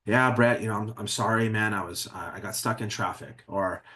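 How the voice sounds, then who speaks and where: A man's voice: lowish voice, normal speed, bright, forceful tone, slight background noise. A man acting out a male employee who apologizes sheepishly for coming in late.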